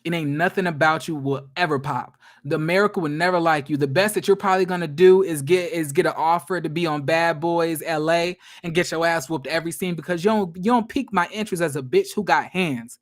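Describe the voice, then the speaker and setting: A man giving a casual reality TV recap, with a blunt, profane and gossipy manner that is animated and quick to laugh. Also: fairly high pitch.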